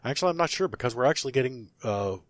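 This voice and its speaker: A man's voice: medium pitch, animated, racing, dry recording. Rambling male podcast host, dry close sound. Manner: rambling, self-correcting, breathless run of plugs. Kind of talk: casual podcast plugs.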